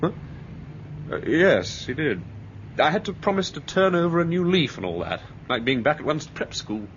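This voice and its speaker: An actor playing a bitter, touchy English ex-soldier with an edgy, resentful manner, in an old radio drama. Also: male voice, a little high, big pitch swings, slight background noise. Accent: upper-class English. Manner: edgy, resentful, quick to flare up. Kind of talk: 1930s-style radio drama acting. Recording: dull old radio recording.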